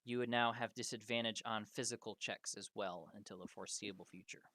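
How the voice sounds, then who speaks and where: A man serving as game master, narrating a tabletop role-playing game in slow, drawn-out descriptive narration. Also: fairly low pitch, fairly even intonation, bright, forceful tone, no room sound.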